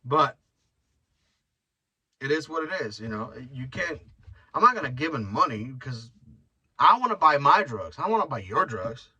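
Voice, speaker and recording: A man's voice: medium pitch, very animated, normal speed, pauses often, bright, forceful tone, slightly rough, recorded from a distance, dull audio. A man hosting his own podcast, rambling bluntly and swearing freely as he talks through his thoughts. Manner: rambling, blunt and profane, with frequent restarts. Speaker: podcast host. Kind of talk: casual solo podcast monologue.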